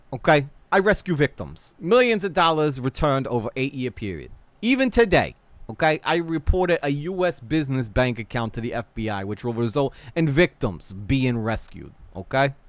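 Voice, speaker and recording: A man's voice: a little high, no room sound. A man doing a mocking impression of a pushy, defensive man with a New York accent, needling and brash. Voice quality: brash and needling, repeats "okay" and "pal". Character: pushy defensive man with a tough-guy attitude.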